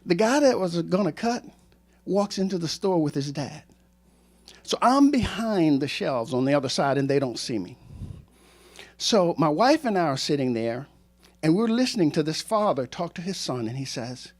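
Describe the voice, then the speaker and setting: An older man in his sixties, a former teacher and coach, tells a true story to a live audience. He delivers it in an animated, joking way, poking fun at himself. His voice sits fairly high and swoops up and down a great deal. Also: normal speed. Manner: animated, joking, self-mocking asides.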